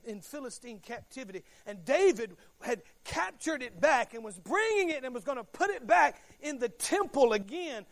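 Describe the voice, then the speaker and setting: High-voiced preacher, swinging quiet to loud. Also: male voice. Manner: dramatic swings from hushed to shouting; emphatic, repetitive. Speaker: pastor. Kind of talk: sermon.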